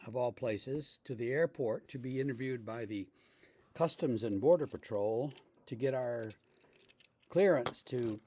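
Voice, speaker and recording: A male pastor giving a relaxed, conversational devotional talk, telling stories with frequent fillers. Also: mid-range voice, unhurried.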